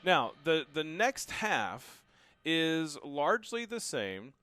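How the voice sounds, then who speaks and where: A man teaching a drum lesson, calling out each drum hit loudly and dropping to quieter, casual asides between demonstrations. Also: a little high, very animated, slow pace. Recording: loud drum kit and music behind. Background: drum kit playing.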